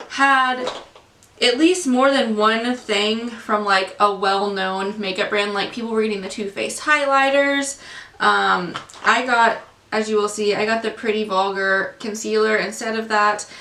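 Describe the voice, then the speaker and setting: Woman, beauty vlogger, ranting, exasperated, bright voice, echoey room. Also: fairly high pitch, a little slow, distant mic. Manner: ranting, exasperated, frequent fillers. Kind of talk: casual unboxing review.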